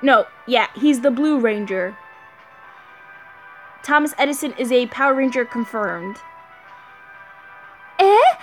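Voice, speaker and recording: A woman's voice: a little high, a little slow, long pauses, fairly bright tone, faint music behind. A woman commenting on a game she is playing, joking and giggling often. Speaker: game streamer.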